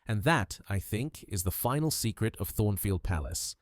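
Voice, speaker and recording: A man voicing a shrewd, fussy Belgian detective in an audiobook, gentle but implacable, dropping French phrases. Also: fairly low pitch, expressive, moderate pace, no echo, clean studio sound, close to an everyday voice. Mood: accusing. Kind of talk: audiobook character voice.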